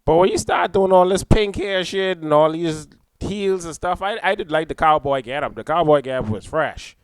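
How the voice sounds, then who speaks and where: A blunt, opinionated man co-hosting a podcast, swearing freely in casual chat. His voice is a little high and smooth. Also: moderate pace, no echo. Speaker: podcast co-host.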